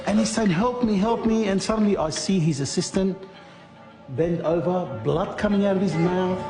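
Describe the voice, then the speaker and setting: A slightly high-voiced man tells his story in an interview, breaking off and restarting mid-sentence and voicing the people he met. Soft music sits faintly beneath him. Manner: acts out others' lines, halting restarts. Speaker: interviewee recounting being scammed.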